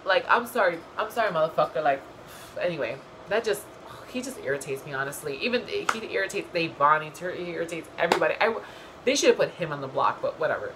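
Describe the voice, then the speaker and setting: A young woman talks straight to camera in a loose, gossipy recap, cursing freely and throwing in animated asides. Her voice sits a little low for a woman. A faint hiss of background noise runs under it. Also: quick pace. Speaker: vlogger. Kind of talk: casual reality-show recap.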